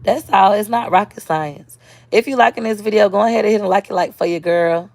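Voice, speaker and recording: A woman's voice: medium pitch, fairly quick, gravelly, darkish tone, no echo. A woman, talking casually and bluntly on a live stream as a social media creator, answering viewer comments.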